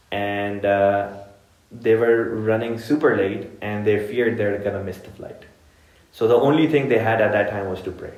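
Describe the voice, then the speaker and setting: Lower-pitched man telling stories in an echoey mosque. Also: lo-fi sound. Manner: relaxed anecdotal storytelling, addressing the audience directly. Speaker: speaker giving an evening religious lesson. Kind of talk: conversational religious talk, storytelling. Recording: echoey room.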